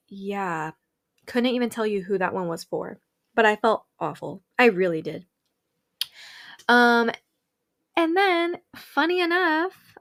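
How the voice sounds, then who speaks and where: A young woman, hosting a podcast and telling stories in a bubbly, animated way with lots of quoted dialogue. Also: a little high. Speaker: podcast host. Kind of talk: casual storytelling.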